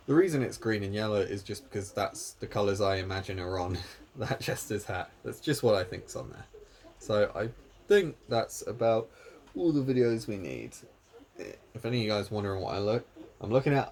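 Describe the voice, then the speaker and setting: A man's voice: on the low side, animated, moderate pace, a little mellow. A man from England, chatting casually and self-deprecatingly in a solo vlog. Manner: rambling, self-deprecating, laughs at himself. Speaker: YouTuber.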